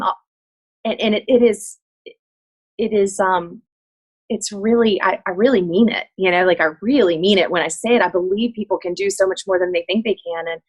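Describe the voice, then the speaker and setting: A woman's voice: mid-range voice, husky. A woman Pilates instructor chatting as a guest on a video call, earnest and heartfelt, often restarting her sentences. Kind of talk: casual chat on a video call.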